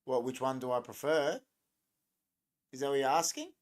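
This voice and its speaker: With lively intonation and a moderate pace, a young male streamer speaks at medium pitch. He's the host of a casual live stream, jokey and rambling, bouncing off chat comments as they come in.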